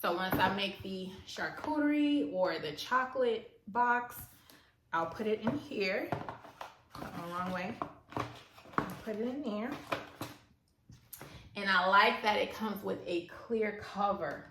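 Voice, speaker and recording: Excitable woman vlogging in an echoey room. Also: medium pitch, slow pace, long pauses. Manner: excitable, talks to herself while fumbling, addresses viewers. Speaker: small business owner and stay-at-home mom. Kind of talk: casual vlog chat. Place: at home, indoors. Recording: roomy echo, faint background noise.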